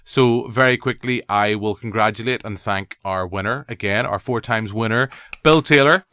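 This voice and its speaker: A man's voice: on the low side, moderate pace, bright, forceful tone, clear, resonant tone, no room sound, studio quality. A man with a Northern Irish accent hosting a podcast, chatting casually in a rambling, jokey way. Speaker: podcast host. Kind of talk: casual chat.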